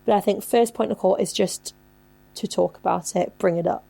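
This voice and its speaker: A woman's voice: medium pitch, fairly even intonation, moderate pace, creaky, warm tone. A woman in her twenties who hosts a podcast, giving advice in a casual chatty way, swearing freely and saying "like" a lot. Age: 20s. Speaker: podcast host.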